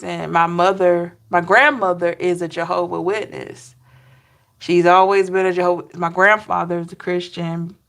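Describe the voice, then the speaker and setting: Slow, laughing woman chatting on a stream. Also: fairly low pitch, creaky, fairly bright tone. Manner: laughing, chatty, addresses chat by name. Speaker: tarot reader chatting with live viewers. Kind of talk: casual livestream chat.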